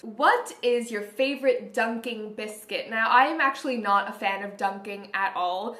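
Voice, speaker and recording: A Canadian beauty vlogger with a medium-pitched, slightly bright voice chats upbeat to the camera, thinking aloud as she answers questions. The recording has the echo of a reverberant room.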